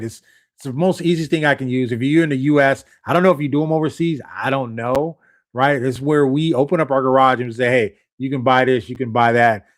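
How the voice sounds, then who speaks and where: Man, live-stream host, mid pitch, loose and chatty, repeats himself and checks in with his audience often. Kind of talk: casual live-stream talk to viewers.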